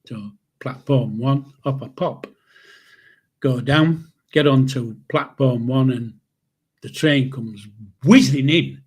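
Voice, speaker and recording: This channel host is a Yorkshire man in his seventies, casually rambling through a personal story, swearing freely and restarting sentences. His voice is medium in pitch, slow and slightly breathy.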